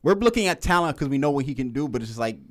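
A man's voice: medium pitch, animated, very fast. Man, sports talk host, casual, rambling, self-correcting, laughs a lot.

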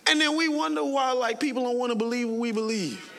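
A male pastor preaching a sermon in a playful, conversational, animated manner. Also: very high voice, fast talker, creaky, long reverb tail.

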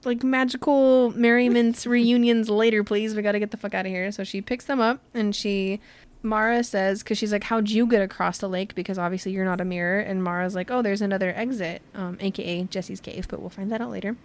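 A woman's voice: mid-range voice, fairly even intonation, brisk, dry recording. A young woman casually retelling a novel's plot, laughing often and peppering her talk with "like". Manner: chatty, laughing, heavy use of "like", acts out characters' lines loosely. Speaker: podcast host retelling a book. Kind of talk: casual book recap chat.

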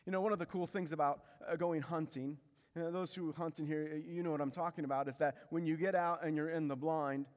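With a slightly high voice, a steady tone, and a brisk delivery, a man preaches as pastor in a church sanctuary. He speaks emphatically, repeating key phrases and asking the congregation rhetorical questions, while the large hall adds long reverb.

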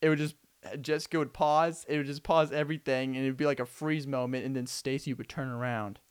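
A man's voice: medium pitch, steady tone, brisk, smooth. A young man hosting a casual solo podcast, rambling animatedly and acting out scenes with frequent laughs. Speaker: podcast host.

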